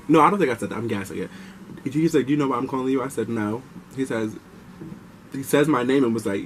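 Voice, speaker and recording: A young man vlogging, telling a personal story in a chatty, animated way and giving advice straight to viewers. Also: mid-range voice, fast, slight background noise, low-quality recording.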